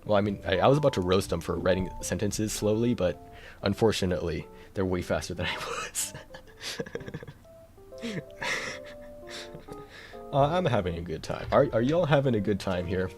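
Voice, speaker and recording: A man's voice: lowish voice, expressive, normal speed, pauses often, over music. A man chatting casually on a live stream, rambling and self-deprecating, with a tired voice.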